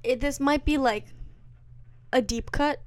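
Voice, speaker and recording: A woman's voice: high voice, unhurried. A young woman co-hosting a podcast in casual chat, chatty and playful. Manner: chatty, breaks into jokey put-on voices. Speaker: podcast co-host.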